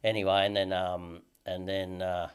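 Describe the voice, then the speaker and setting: A man's voice: deep voice, little pitch movement, normal speed, smooth. A man in his thirties with an Australian accent, telling a long story as an interview guest in a rambling, sweary way, full of "you know what I mean".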